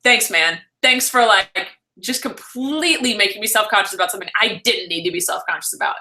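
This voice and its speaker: A young woman vlogger chatting and ranting on a live stream, animated and laughing often. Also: medium pitch, a little fast.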